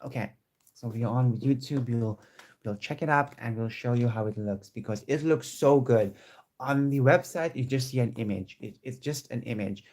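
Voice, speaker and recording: Chatty, excitable man vlogging at home. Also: mid-range voice, moderate pace. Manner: chatty and excitable, with many restarts. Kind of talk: casual chat to camera. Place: home room with squeaky chairs.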